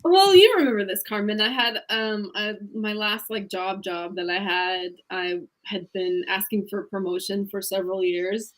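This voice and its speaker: A woman's voice: medium pitch, normal speed, few pauses. A woman in a casual chat telling a work story with wry asides. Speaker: guest.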